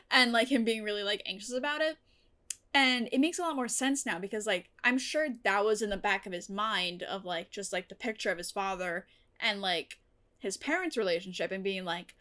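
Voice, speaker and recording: A woman's voice: mid-range voice, animated, normal speed, fairly bright tone. A woman reacting to a TV episode in casual commentary, gushing and emotional, swearing freely. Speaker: TV reaction vlogger.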